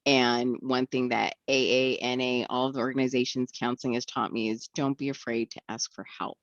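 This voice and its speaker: As a podcast guest, a woman gives a candid account of her recovery, speaking earnestly and reflectively and acting out the voices she quotes. Her voice is very deep and steady in tone, and she talks briskly. The recording is muffled, with no room sound.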